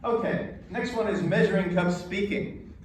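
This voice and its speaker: An American man coaching an audience on presenting, emphatic and measured, pausing between points. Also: sits high, fairly even intonation, far from the mic, slight background noise. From United States. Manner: emphatic, with pauses and demonstrations. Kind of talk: lecture to a live audience. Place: lecture hall. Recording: echoey hall recorded from afar.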